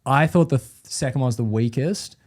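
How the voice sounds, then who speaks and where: A man with a mid-range voice chats on a podcast. He tells stories in a lively way and acts out the moments he describes. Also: medium pitch, a little fast. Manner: animated storytelling, acts out voices and screams. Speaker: podcast co-host. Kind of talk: casual chat.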